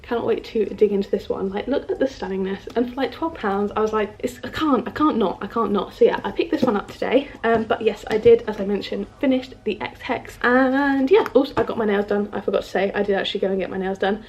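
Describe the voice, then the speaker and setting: A woman's voice: medium pitch, fast talker, hardly any pauses, a little mellow, lo-fi sound. A young woman in her twenties from the UK chatting casually to camera as a book vlogger at home by her bookshelf, bubbly and full of "like" and "um". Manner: chatty, bubbly, filler-heavy with lots of "like" and "um". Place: home room in front of a bookshelf.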